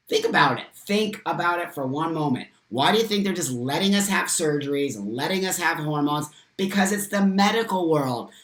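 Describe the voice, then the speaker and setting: A man with a fairly bright, somewhat high voice hosts a live stream, reading viewer comments aloud. He speaks with passion and emphasis and swears freely. The recording has a roomy echo.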